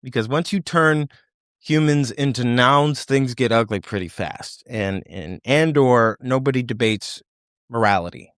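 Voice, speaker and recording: A man's voice: medium pitch, unhurried, a bit bright, no echo, clean studio sound. A man hosting a podcast, delivering a sardonic, impassioned commentary monologue and mock-quoting officials in put-on voices. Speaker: podcast host.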